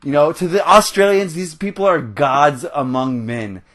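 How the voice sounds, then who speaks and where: A young man from the United States talks over his gameplay in a fired-up, rambling rant, stopping now and then to laugh. His voice sits a bit high for a man. It sounds like a close headset mic. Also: normal speed, a bit bright. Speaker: gaming channel host. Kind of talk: ranting commentary over gameplay.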